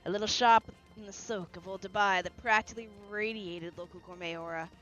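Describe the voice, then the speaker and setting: A woman's voice: mid-range voice, steady tone, a little fast, a bit bright, close to an everyday voice. A woman reading as an upbeat young heroine. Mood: cheerful. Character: upbeat young heroine exploring a big city. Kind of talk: reading game dialogue aloud. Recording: lo-fi with faint music.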